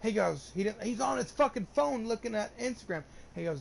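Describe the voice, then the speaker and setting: A man's voice: high-pitched, animated, quick pace, gravelly, few pauses, slight background noise. A young man telling a long personal story in casual chat, rambling and swearing often, with lots of restarts. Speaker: gamer streamer.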